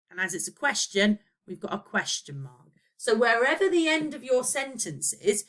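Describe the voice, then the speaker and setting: A woman's voice: mid-range voice, a bit bright. A woman teacher giving a recorded lesson, explaining step by step and checking in with her pupils. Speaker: primary school teacher.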